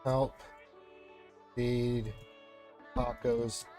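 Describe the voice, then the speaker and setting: A man's voice: mid-range voice, level tone, drawn-out words, dark tone, soft background music. A man hosting a casual gaming live stream, chatting loosely and reading out viewer greetings.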